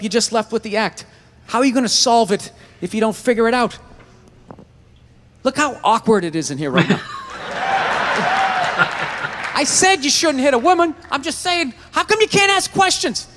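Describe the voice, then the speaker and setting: A man's voice: extremely high pitch, fairly bright tone. A man doing a stand-up comedy routine, ranting and swearing in exasperation before a live audience.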